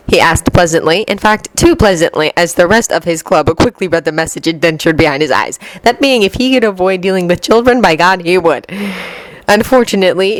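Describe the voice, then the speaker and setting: A woman narrating a fanfiction story in an expressive, lively reading. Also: lowish voice, dry recording. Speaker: fanfiction reader. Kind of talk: audiobook narration.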